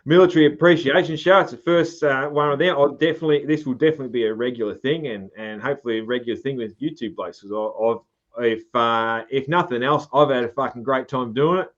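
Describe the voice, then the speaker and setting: A man's voice: medium pitch, fast talker, muffled recording. An Australian man hosting a podcast, chatting loosely, swearing freely and trailing off with ums. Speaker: podcast host. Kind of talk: casual podcast chat.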